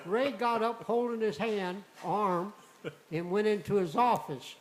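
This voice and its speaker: An older man, a returning radio guest, telling a personal story in a folksy, animated way and acting out the dialogue. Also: high voice, measured pace, rough recording.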